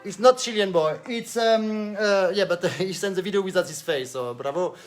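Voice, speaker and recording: A man with a French accent and a fairly high voice teaches accordion on a live stream. He talks in an animated, hands-on way, pointing things out as he demonstrates and slipping French words into his English. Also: normal speed, faint music behind. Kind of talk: live-stream music lesson.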